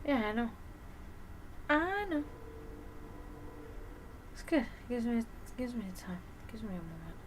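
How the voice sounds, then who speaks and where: A woman hosting a livestream, chatting casually with viewers and telling stories in a lively way, acting out the voices of the people in them. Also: a little high, unhurried, pauses often, a little hiss or hum. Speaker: livestream host.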